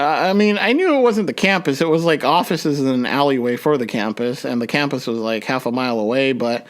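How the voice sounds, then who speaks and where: Rambling young man telling a story. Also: medium pitch. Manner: rambling, halting with many restarts and fillers. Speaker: podcast host. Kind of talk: personal storytelling.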